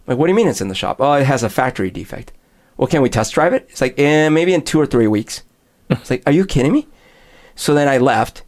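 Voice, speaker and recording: A man in casual conversation, telling a long story and acting out both sides of the dialogue. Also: mid-range voice. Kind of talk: casual chat.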